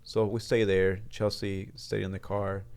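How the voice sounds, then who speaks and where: Male interview guest, low gravelly voice, earnest and halting, restarts sentences often. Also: flat delivery, a little mellow. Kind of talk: personal storytelling in a studio interview. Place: studio.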